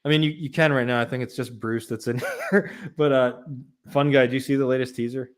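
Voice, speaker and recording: An excitable man hosting a casual podcast, laughing often as he talks and swearing freely. His voice sits in an ordinary middle pitch. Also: fairly quick. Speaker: podcast host.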